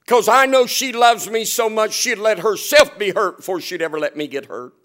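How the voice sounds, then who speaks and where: Folksy preacher man, somewhat high voice. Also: moderate pace. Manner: folksy and humorous, swinging from loud to hushed; often chuckles while telling stories. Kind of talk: storytelling sermon.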